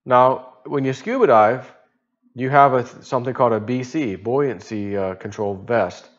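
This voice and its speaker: A man in a relaxed monologue, telling a story in a rambling way with loose chuckles and offhand swearing. His voice sits at a middle pitch. The recording sounds dull and lo-fi. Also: unhurried. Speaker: vlogger.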